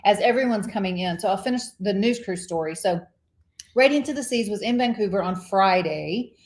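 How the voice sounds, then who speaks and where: A woman co-hosting a casual live cruise chat show, an animated storyteller who laughs often. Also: mid-range voice, brisk, echoey room.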